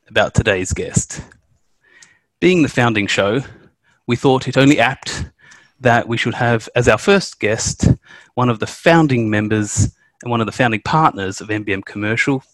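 A man's voice: mid-range voice, a bit bright, dry recording. A man from Australia, co-hosting a podcast in a chatty, jokey, self-deprecating way. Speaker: podcast co-host, corporate lawyer. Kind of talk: casual podcast chat.

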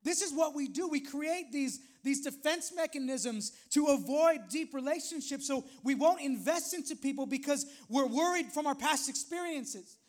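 A man's voice: very high voice, normal speed, hardly any pauses. A male pastor preaching a sermon in a conversational way, with frequent asides to the congregation.

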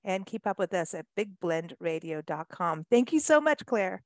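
A woman's voice: on the low side, moderate pace, no room sound. Chatty woman radio host. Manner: chatty and animated, lots of "you know" and "like". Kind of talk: casual radio interview chat.

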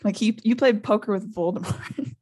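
A woman's voice: mid-range voice, moderate pace, slightly rough. A woman hosting a podcast, reading a book aloud live with character voices and chatty asides. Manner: reads with animated character voices, laughs often.

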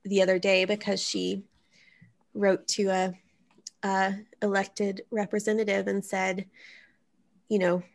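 A woman with a mid-range, slightly creaky voice speaks a little slowly, leaving long pauses. She's a podcast host running a casual comedic advice chat on a studio microphone, cussing freely as she tells stories with animated energy.

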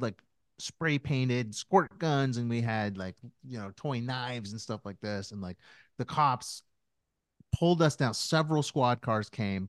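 A man's voice: medium pitch, no room sound, studio quality. A man in his thirties, a podcast co-host, chatting casually and telling rambling stories full of fillers and restarts. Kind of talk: casual chat.

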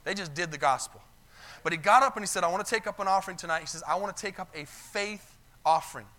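Male pastor preaching from the pulpit; high, bright voice, retells stories in quoted voices. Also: quick pace. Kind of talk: sermon storytelling. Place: church sanctuary.

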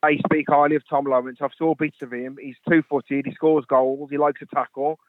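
A man from the West Midlands phones in to a radio show and talks things through earnestly, often pausing with "um" and "I think". His voice sits a little high and comes down a thin, tinny phone line. The sound is dry and close. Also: level tone, no echo. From West Midlands, England. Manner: earnest, thoughtful, many "um"s and "I think"s. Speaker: caller. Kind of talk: phone-in chat.

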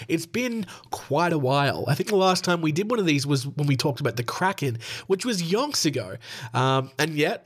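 A man with an Australian accent, sick and hoarse, hosting a podcast in a rambling, joking way and swearing freely. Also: a little high, a bit bright. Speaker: podcast host. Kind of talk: casual comedic podcast monologue.

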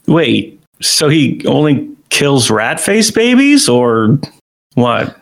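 Male comedy guest, gravelly and hugely animated, crude riffs. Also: takes it slowly. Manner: crude, riffing comedian with wild swings in pitch. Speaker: podcast guest. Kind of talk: casual comedy podcast chat.

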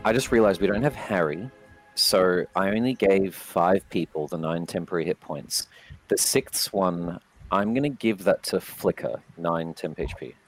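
Deep-voiced man on a headset. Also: moderate pace, faint music behind, low-quality recording. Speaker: player. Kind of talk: casual tabletop chat.

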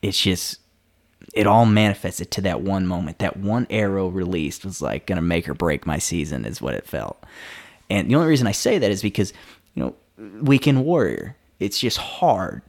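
Deep-voiced man telling a lively story. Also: moderate pace. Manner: animated storyteller who acts out quoted dialogue; loose and rambling, many fillers and self-restarts. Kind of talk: casual storytelling conversation.

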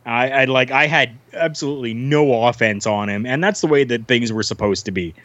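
A man from Canada spins long, rambling stories, full of "uh" and "like", and jumps into other people's voices as he goes. His voice sits at an ordinary pitch. The audio is dull and lo-fi, dry and close. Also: fairly quick, a bit bright, no room sound. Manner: rambling anecdotes with many fillers and restarts, acting out quoted voices. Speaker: podcast guest, former wrestler. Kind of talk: casual storytelling.

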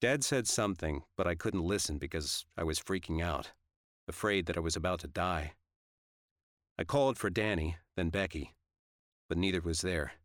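A man narrating a first-person story in a steady, even way. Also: sits low, no echo, clean studio sound. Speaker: audiobook narrator.

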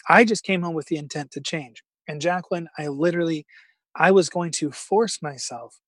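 Middle-aged guy telling a personal story, earnest and halting, kinda high voice, dry close mic. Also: dry recording. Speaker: guest. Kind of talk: personal story in a podcast interview.

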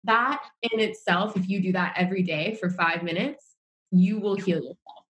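An American woman talks in a loose, rambling podcast chat, full of "like" and restarts. Her voice sits a little on the low side. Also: moderate pace, dull audio, a little hiss or hum. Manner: rambling, heavy use of "like" fillers. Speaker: podcast co-host. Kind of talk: casual chat.

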